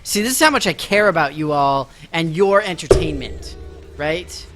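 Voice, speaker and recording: A man's voice: on the high side, expressive, moderate pace, background noise. A young man chatting casually to his viewers while playing a game live, joking about himself and his busy day. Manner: chatty, self-mocking, talks to chat while playing. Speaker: game streamer. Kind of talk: casual live-stream chat. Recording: game music playing faintly behind.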